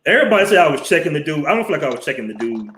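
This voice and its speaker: A man's voice: a little high, very animated, rapid-fire, fairly bright tone, reverberant, a little hiss or hum. A man, hosting a blunt, profane, chatty live stream on a headset mic. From Southern US. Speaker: host. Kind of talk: casual live-stream storytelling. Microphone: headset mic with headphones.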